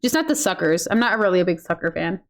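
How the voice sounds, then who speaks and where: A woman's voice: lowish voice, expressive, fast talker. A woman streaming a game in casual commentary, chatty and cursing freely, cooing baby talk at her pets. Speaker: gaming streamer.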